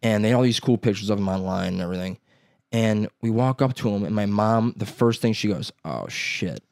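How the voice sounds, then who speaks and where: A young man with a lowish voice rambles through a story, stuffing it with "dude" and "like." He slips into quick impressions of the people in it. The sound is close and dry, with no room around it. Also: steady tone, darkish tone, dry recording. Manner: acts out other people's lines in quotes. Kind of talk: casual chat.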